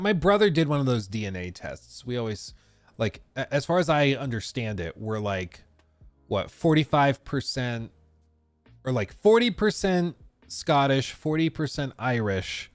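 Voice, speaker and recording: A man's voice: medium pitch, no room sound. A man hosting a live stream, rambling casually as he reads and answers viewer messages. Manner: rambling, reacting to chat with frequent restarts.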